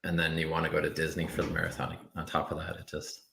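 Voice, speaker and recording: A man's voice: extremely low pitch, monotone, fast talker, vocal fry, a bit bright, echoey room. A man chatting casually and jokily, often stammering and repeating words. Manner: jokey, stammers and repeats himself. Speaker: guest. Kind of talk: casual chat.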